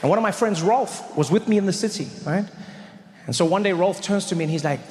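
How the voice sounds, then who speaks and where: A man's voice: high voice, fairly quick, a little mellow, long reverb tail. A man from South Africa doing stand-up comedy, telling a story with lots of voices.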